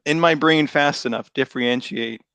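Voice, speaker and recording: A man's voice: medium pitch, normal speed, creaky, a bit bright, smooth, no room sound. A man with a Boston accent hosting a casual chat over a video call, easygoing, laughing often and rambling through restarts. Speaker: podcast host.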